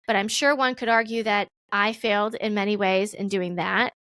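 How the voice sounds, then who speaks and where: A woman in her thirties telling her own business story as a podcast guest, acting out past conversations in a lively voice. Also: moderate pace, no room sound. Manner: animated, acts out her own past dialogue with big pitch jumps. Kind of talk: casual storytelling interview.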